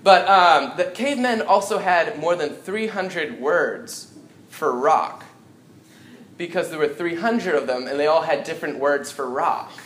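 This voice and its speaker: A man's voice: on the high side, unhurried, fairly bright tone. A young man doing live stand-up comedy in a small coffeehouse, rambling and self-deprecating with lots of ums. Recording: echoey room, noisy live audience.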